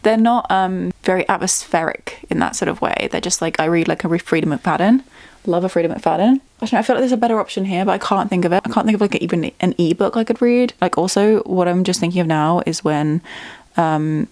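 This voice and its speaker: A woman's voice: lowish voice, a little fast, a little mellow, no room sound. A young woman chatting casually as a book vlogger at home, bubbly and talkative, thinking aloud. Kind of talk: casual chat.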